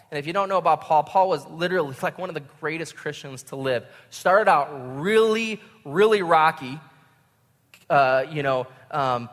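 A man's voice: a little high, fairly bright tone. Young man preaching in a reverberant hall. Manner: conversational, self-mocking storytelling. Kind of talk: sermon.

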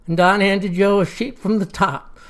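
Storyteller reading a satire, dry and wry, steady voice. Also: mid-range voice, normal speed.

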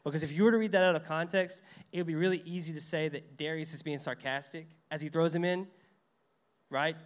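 Pastor, male, fairly high voice, conversational sermon with acted-out quotes. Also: fairly even intonation, a little fast. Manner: conversational preaching, reads scripture aloud, acts out quotes.

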